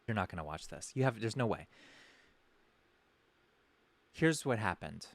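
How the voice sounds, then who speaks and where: In a fairly low voice with vocal fry, a podcast host spins a comedic tale at an unhurried pace yet very animatedly, rambling sarcastically and often stopping mid-sentence to correct himself.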